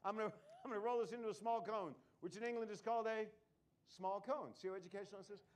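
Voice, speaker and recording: A man with a high, light voice doing live comedy magic in a showroom. He keeps up a stream of quick jokes and banter with the audience. He talks the crowd through each trick as he performs it. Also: fairly even intonation. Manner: joking patter with the audience.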